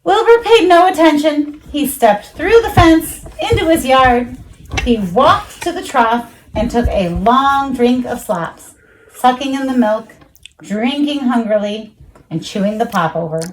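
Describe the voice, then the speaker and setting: A woman reading a children's storybook aloud, expressive, jumping high for the animal voices. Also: measured pace, noisy background. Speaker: children's book reader.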